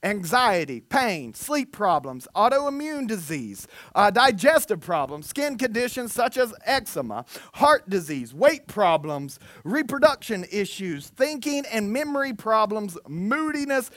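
Animated pastor preaching. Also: male voice, sits high, unhurried, few pauses, dry recording. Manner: animated, self-mocking, with put-on quotes of listeners. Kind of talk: sermon. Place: church.

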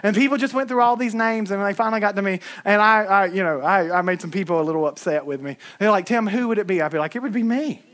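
High-voiced, fiery preacher man. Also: fast, few pauses. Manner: animated, shouting at times, folksy asides. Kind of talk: sermon.

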